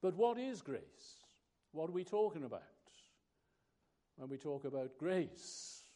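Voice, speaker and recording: A man preaching a sermon, slow and emphatic, pausing between phrases. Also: a little high, big pitch swings, warm tone.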